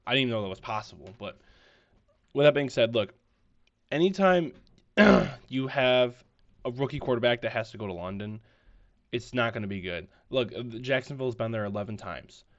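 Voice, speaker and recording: A man's voice: mid-range voice, fairly quick. A man hosting a casual solo podcast, talking with a stuffy, congested nose in a rambling, self-deprecating way that often repeats itself. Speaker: podcast host. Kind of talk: casual solo sports-betting chat. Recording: slightly dull lo-fi audio.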